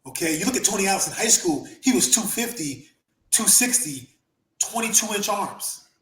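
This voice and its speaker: A man hosting a podcast, telling profane, animated stories, laughing often and acting out the people he quotes. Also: high-pitched, normal speed. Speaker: podcast host and former wrestler. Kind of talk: casual storytelling chat. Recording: roomy echo.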